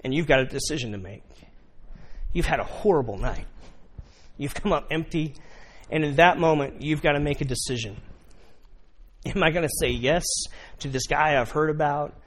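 A man preaching a sermon, telling the story in a lively way and acting out the characters. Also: a little high, moderate pace, pauses often. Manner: animated storytelling, acts out characters. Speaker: pastor.

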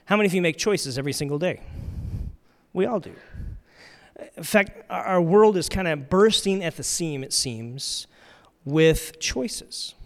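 A man preaching a conversational sermon, asking his listeners questions and swinging from loud, lively storytelling to hushed reflection. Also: a little high. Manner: chatty, asks the audience questions, drifts from loud to hushed. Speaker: pastor.

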